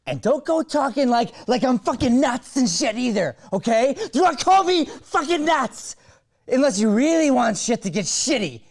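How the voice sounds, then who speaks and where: A man's voice: lively intonation, extremely slow, long pauses, dark tone. A man acting out a manic young woman who rants profanely and makes threats over the phone. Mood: manic fury. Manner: shrill, manic, profane ranting.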